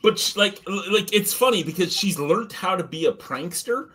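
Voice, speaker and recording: A man telling work stories in a casual podcast chat, animated, swearing and laughing often. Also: sits high, normal speed, slightly rough.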